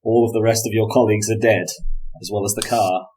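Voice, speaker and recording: A man narrating as game master of a tabletop game, in a dramatic, measured way. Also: fairly low pitch, steady tone, darkish tone, husky, low-quality recording.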